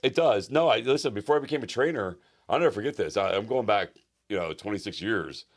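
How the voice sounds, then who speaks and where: A middle-aged man co-hosts a casual podcast, a personal trainer telling rambling stories. His voice sits low and his delivery is quick, full of restarts and fillers. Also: lively intonation.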